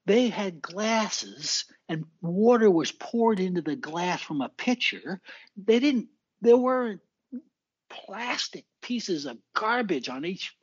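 Man, husky, dry close sound, rambling, emphatic, repeats himself, podcast guest. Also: sits high, no echo. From Alaska. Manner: rambling, emphatic, repeats phrases, laughs at own jokes. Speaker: guest, garden columnist. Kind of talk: casual podcast interview. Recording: dull lo-fi audio.

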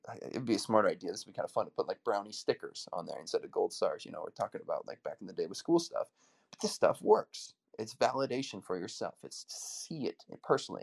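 In a low voice that is gravelly and husky, a man coaches an audience through a motivational talk, telling energetic stories and acting out what characters say.

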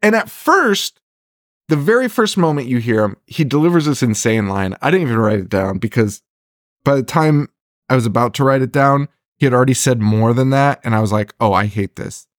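A man's voice: medium pitch, lively intonation, brisk, no echo, studio quality. A man co-hosting a horror movie podcast in casual chat, laughing often and swearing as he rants. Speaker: podcast co-host.

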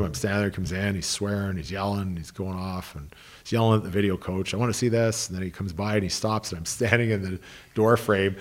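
A man's voice: low-pitched, a little mellow. A man, a hockey coach, telling long anecdotes in an interview, restarting sentences and quoting people he worked with. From Canada. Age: 30s. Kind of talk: interview storytelling.

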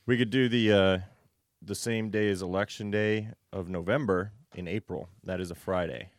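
A man working as a podcast producer, calmly planning dates out loud. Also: fairly low pitch, normal speed, no room sound, studio quality. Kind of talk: casual chat.

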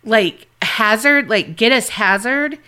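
A woman podcast co-host chatting casually, animated and full of fillers. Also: a little high, slow pace, clear, resonant tone. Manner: animated, lots of fillers and impressions. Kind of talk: casual chat.

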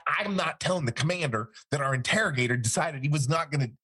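A man's voice: a little high, animated, fast, sharp tone, husky. A man, a former interrogator, telling a story in an interview and acting out the quoted dialogue.

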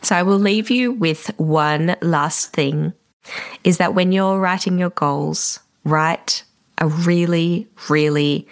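A woman, a wedding photographer hosting a solo podcast, talking reflectively and encouragingly to fellow vendors. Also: low-pitched. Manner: reflective, encouraging, a little emotional at times.

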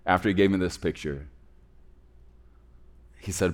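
A man preaching a sermon, rising to loud emphatic peaks and dropping to soft, hushed phrase endings. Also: sits low, a little slow, pauses often. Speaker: pastor.

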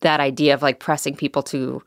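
A woman guest on a podcast, chatting casually and telling animated stories, acting out the voices of people she quotes. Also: a bass voice, brisk, dry recording, studio quality. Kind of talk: casual chat.

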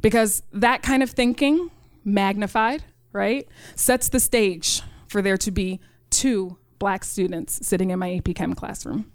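A woman's voice: medium pitch, unhurried, no echo. New York woman storyteller, earnest, dry and close sound. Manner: earnest, frequent "right?" and "you know". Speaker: storyteller, chemistry teacher. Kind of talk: live personal story. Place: stage at a live story event.

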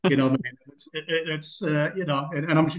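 In an interview with a roomy echo, a former footballer spins rambling, chatty anecdotes packed with fillers. His voice is on the high side, his tone steady, and his pace fast.

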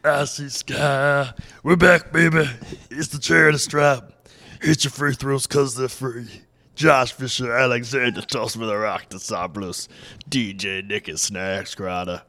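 Gravelly old jazz singer growl. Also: male voice, medium pitch, flat delivery, sharp tone. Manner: slow drawling, slides into a Southern twang. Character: impression of a famous jazz singer, gravelly older male jazz singer. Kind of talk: podcast intro impression.

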